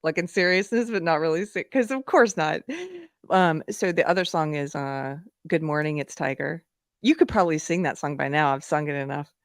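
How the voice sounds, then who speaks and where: Giggly Southern woman host, low voice. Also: moderate pace, no echo, clean studio sound. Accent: Southern American. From American South. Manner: giggly, laughs often. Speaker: podcast host. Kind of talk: casual live-stream chat.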